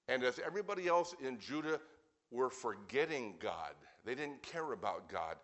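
A man preaching an evening sermon as pastor, speaking earnestly and plainly, with wry asides, and reading scripture slowly and weightily. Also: mid-range voice, sing-song, fairly bright tone.

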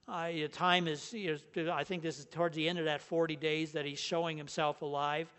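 Male pastor, high-pitched, emphatic sermon delivery. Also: level tone, moderate pace, fairly bright tone, clear, resonant tone. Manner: earnest, emphatic, stresses key words.

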